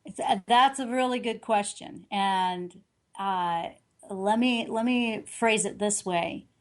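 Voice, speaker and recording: A woman's voice: medium pitch, takes it slowly. A middle-aged woman speaking as an intuitive reader in an interview, telling a story earnestly and animatedly, often restarting and correcting herself.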